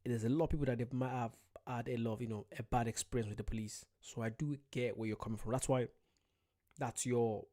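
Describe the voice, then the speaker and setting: A young Irish man chats loosely through a livestream, with a mellow, warm tone. He reads viewer comments aloud and rambles. His jokes are at his own expense. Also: medium pitch, fairly even intonation, brisk. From Ireland. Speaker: streamer. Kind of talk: casual livestream chat.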